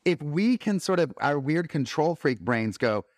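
A man's voice: on the high side, sing-song, measured pace, a little mellow, no room sound, clean studio sound. A man co-hosting a podcast, talking reflectively and affirming what the others say. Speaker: podcast co-host. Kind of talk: casual conversation.

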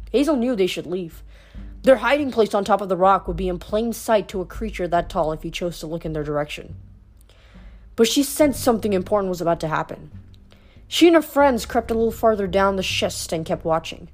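A woman reading a fantasy novel aloud, narrating with steady, lightly dramatic delivery. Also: medium pitch. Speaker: audiobook reader. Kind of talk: storybook reading.

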